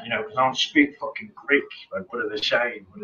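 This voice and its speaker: A punk band vocalist with a lowish, sharp-toned voice talks a little fast with few pauses, recorded in lo-fi sound. He's an interview guest on a remote live stream call, telling road stories in a profane, rambling way with plenty of fillers.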